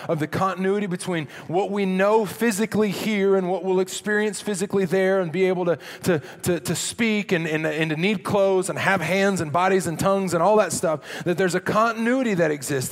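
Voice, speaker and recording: A male pastor delivers a sermon in a conversational way, often doubling back on his words. His voice sits high for a man. It rings out with a long reverb, like it's filling a large hall. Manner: conversational preaching with repetitions and restarts.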